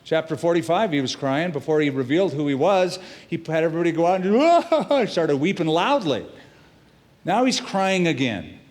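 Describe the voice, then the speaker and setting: A middle-aged man preaching as a pastor, telling the story in a lively way and acting out the characters' quotes. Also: normal speed. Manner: animated storytelling, acts out quotes with shifts in pitch and loudness. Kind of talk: sermon.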